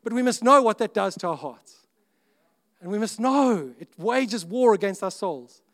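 A man preaching a sermon in an earnest, conversational way, breaking off to restart sentences and suddenly getting louder. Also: high-pitched, lively intonation, moderate pace. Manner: earnest, conversational, with self-interrupting restarts and sudden rises in volume. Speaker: pastor.

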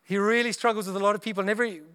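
A man with a notably high voice delivers a sermon to his congregation. He talks in a chatty, joking way and keeps acting out short exchanges between people. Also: steady tone, rapid-fire, pushed and bright, clear, resonant tone. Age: adult parent of young children. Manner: chatty and humorous, acts out little dialogues. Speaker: preacher.

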